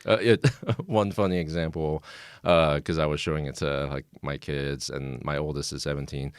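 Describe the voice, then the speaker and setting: A man with a very deep, smooth and resonant voice chats easily as a podcast guest, laughing now and then. He is close on the microphone, and the sound is dry with no room echo. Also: moderate pace. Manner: relaxed, easygoing, laughs often. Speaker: guest, marketing agency founder. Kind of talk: casual interview chat. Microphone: close podcast mic.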